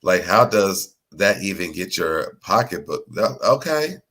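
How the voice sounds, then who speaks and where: Man, host, casual recap chat, bright tense voice, husky, animated. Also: a little slow. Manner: animated, mimics people in a whiny high voice. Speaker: show host.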